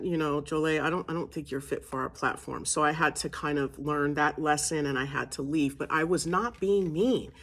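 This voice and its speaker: Earnest woman teaching a spiritual exercise. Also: low voice. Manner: earnest, repetitive, bursts into shouting during demonstrations. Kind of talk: casual spoken teaching to camera.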